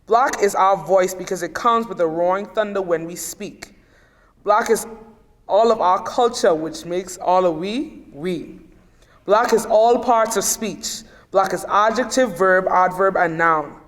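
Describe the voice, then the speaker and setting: A man's voice: high voice, measured pace, fairly bright tone. A young man delivering a spoken-word poem in a proud, declamatory way. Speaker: student poet. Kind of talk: spoken-word poetry reading. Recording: long reverb in a large room.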